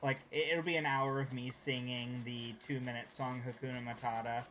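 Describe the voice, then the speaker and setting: A man's voice: medium pitch, little pitch movement, normal speed, fairly bright tone, slight background noise. A man chatting casually on a live stream while gaming, rambling and greeting viewers by name.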